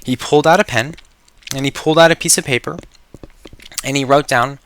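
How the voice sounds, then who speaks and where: A man's voice: mid-range voice, steady tone, moderate pace, long pauses, sharp tone, clear, resonant tone, dry recording. A man presenting a sales webinar, telling dramatic stories and pushing hard to buy now. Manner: emphatic, pushy, dramatic storyteller. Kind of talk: sales pitch storytelling.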